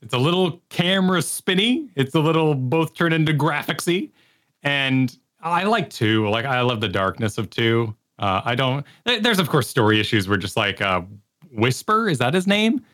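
A man co-hosting a podcast, chatting casually about movies, searching for words and then rattling off quick lists. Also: medium pitch, big pitch swings, fairly bright tone. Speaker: podcast co-host.

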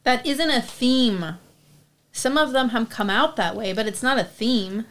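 A woman's voice: on the high side, a little slow, fairly bright tone. A woman playing a nervous young male writer. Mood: indignant. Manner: pleading, defensive, flustered. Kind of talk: stage play reading.

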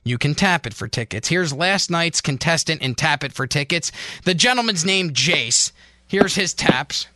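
A man's voice: a little high, expressive, moderate pace, sharp tone, slight background noise. A man hosting a crude, joking radio talk show with a brash manner. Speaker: radio host.

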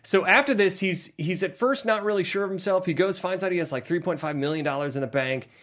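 A man's voice: high-pitched, fast. A man hosting a film podcast, chatting casually and acting out scenes with jokes. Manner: animated, jokey, acts out scenes. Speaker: podcast host.

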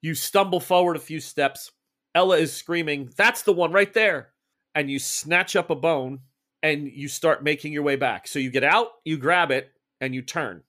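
A man running a tabletop horror game as game master, narrating slowly and deliberately. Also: on the high side, a bit bright. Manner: slow, deliberate descriptive narration.

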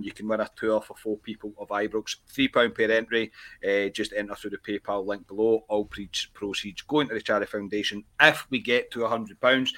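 A Scottish man hosting a casual podcast chat, lively and jokey, quick to laugh. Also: fairly low pitch. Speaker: podcast host.

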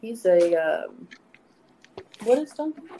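A woman's voice: medium pitch, sing-song, slow, background noise. A young woman from Texas with a light Texan accent, chatting casually on a podcast. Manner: chatty, laughs at herself, lots of likes. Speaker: podcast guest. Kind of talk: casual chat.

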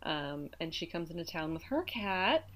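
A woman with a low-pitched voice talks through a book's plot in casual podcast chat. She is a little hoarse, and she rambles with plenty of "like" and "um" as she goes. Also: very animated, moderate pace. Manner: chatty, summarizes plot with many fillers. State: slightly hoarse. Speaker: podcast co-host. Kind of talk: casual book discussion.

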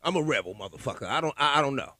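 A man's voice: on the high side, lively intonation, rapid-fire, pushed and bright, no room sound. A man ranting alone in a heated, profane, conspiratorial way, repeating himself and building up steam. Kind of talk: profane solo rant.

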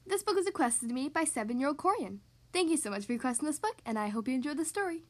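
A woman hosting a podcast, reading a picture book aloud to young children in a bright, expressive storytelling manner. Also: high voice, quick pace, over loud music. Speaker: podcast host reading to kids.

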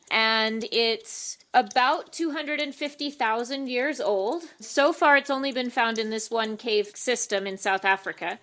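A woman's voice: fairly high pitch, a bit bright. Woman archaeologist on a video call. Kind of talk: interview. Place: underground cave.

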